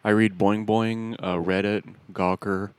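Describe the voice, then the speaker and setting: A man co-hosting a casual podcast chat, joking with quick asides. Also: lowish voice, little pitch movement, clear, resonant tone, no echo.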